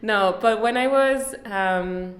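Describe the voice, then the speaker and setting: A woman's voice: mid-range voice, takes it slowly, roomy sound. Chatty laughing young woman from Switzerland. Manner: chatty, laughs often, self-deprecating. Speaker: podcast guest. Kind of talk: casual interview chat.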